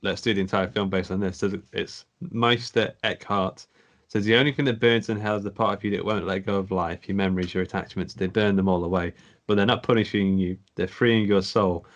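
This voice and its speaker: A man with a low voice speaks in a measured way, recapping a film and reading a quote aloud. He is one of the hosts of a casual horror podcast recorded over a video call. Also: steady tone, muffled recording. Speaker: podcast co-host. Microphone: home mic on a video call.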